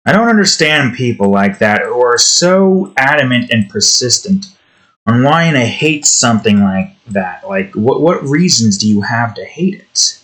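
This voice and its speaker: A man's voice: lowish voice, fairly bright tone, low-quality recording. Tired young man rambling while drawing. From New Jersey. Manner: meandering, frustrated rant with frequent restarts. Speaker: art streamer.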